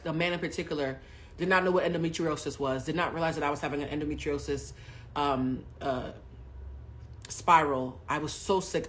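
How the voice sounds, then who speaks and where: A woman's voice: deep voice, a bit bright. A woman host and journalist speaking candidly on a livestream, emphatic and outspoken, swearing freely and talking straight to her viewers.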